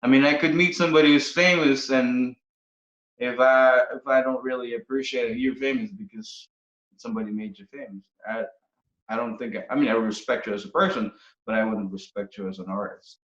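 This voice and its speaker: A man's voice: mid-range voice, steady tone, brisk, fairly bright tone. Man from the Philippines, roomy dull sound. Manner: hesitant, restarts often. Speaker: guest musician. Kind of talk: casual interview chat. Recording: roomy, dull podcast audio.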